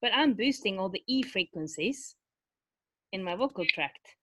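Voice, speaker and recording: A woman's voice: mid-range voice, animated, measured pace, a bit bright, slight background noise. A woman vocal coach explaining vocal technique in a webinar, talking loosely with many fillers and restarts. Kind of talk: webinar teaching with sung demonstrations.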